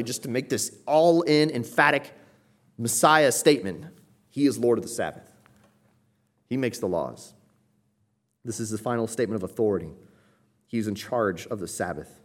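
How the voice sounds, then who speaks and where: A man teaching through a Bible passage verse by verse, explaining the Greek text and stressing key points with emphasis. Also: mid-range voice. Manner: explanatory, emphatic, quotes commentators.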